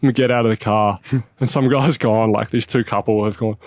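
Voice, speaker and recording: A man's voice: medium pitch, a little fast, no room sound. A man in his twenties with an Australian accent, telling stories in casual podcast chat, swearing freely and acting out what people said. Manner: animated, swears freely, acts out quotes. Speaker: podcast guest.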